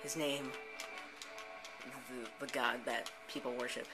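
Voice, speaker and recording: A man's voice: mid-range voice, level tone, slow pace, low-quality recording. A man, the host of a gameplay channel, improvising a rambling story full of "and then, like" restarts. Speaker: let's play host. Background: background music.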